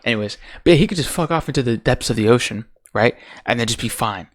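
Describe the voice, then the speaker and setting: A man's voice: mid-range voice, expressive, fast talker. A man ranting casually about a TV show's finale, profane and exasperated, full of rhetorical questions. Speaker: TV show commentator.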